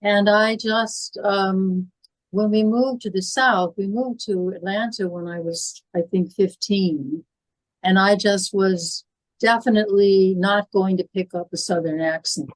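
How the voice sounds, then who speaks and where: A woman in her seventies from Illinois, a horror film actress, chats as a guest on a podcast interview. She has a Midwestern American accent, polished stage-trained diction, and a medium-pitched voice that stays steady and unhurried. The recording is dry and poor in quality.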